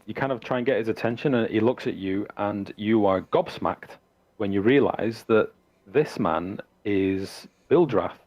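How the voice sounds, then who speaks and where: A man running a tabletop game, narrating in a fairly low voice. He pauses often and fills the gaps with ums as he describes the scene to his players. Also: dull audio. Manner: relaxed, halting narration with many fillers. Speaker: game master.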